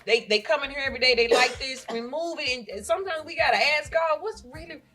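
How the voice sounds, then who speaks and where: A woman's voice: high-pitched, quick pace, bright, forceful tone, faint music behind. A woman on a talk show panel, encouraging others in a church-like, exhorting manner. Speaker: panel guest. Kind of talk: preachy encouragement.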